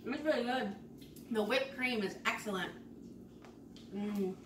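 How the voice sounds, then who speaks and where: A woman, a mother hosting a casual family vlog, laughing and giving the kids quick instructions. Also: on the high side. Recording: echoey noisy room, mic far off.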